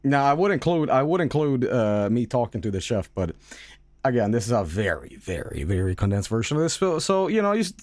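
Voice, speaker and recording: A man hosts a live stream and talks over his travel video in a lively, up-and-down voice. He laughs easily and stumbles over his words. The sound is close and dry, with little room echo. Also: mid-range voice, brisk. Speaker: streamer host.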